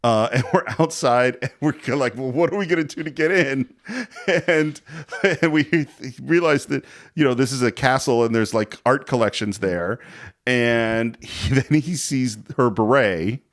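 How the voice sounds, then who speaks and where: A man's voice: mid-range voice, measured pace. A man co-hosting a casual movie podcast, retelling scenes and laughing often as he talks. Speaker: podcast co-host.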